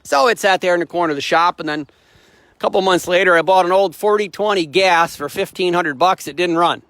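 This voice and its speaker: A man's voice: high voice, fairly quick, a bit bright, dry recording. A middle-aged man hosting a casual walkaround, telling a rambling, plain-spoken story in a folksy way. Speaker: host, tractor dealer.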